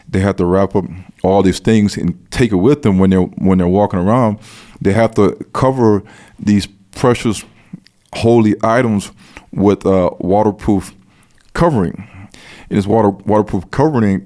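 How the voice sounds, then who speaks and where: A man with a low, mellow voice talks through a long explanation in an unhurried, earnest way. He often circles back, repeating and restarting phrases as he builds his case. His warm, soft tone stays steady under the flow of detail. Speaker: guest speaker on biblical history. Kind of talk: explanatory conversation.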